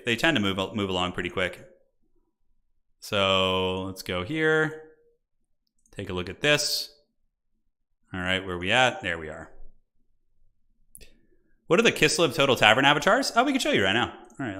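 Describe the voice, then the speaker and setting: Animated, bright-voiced male game streamer. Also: lowish voice. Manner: animated, chatty, talks to viewers in chat. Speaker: streamer and tournament caster. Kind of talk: live-stream game commentary.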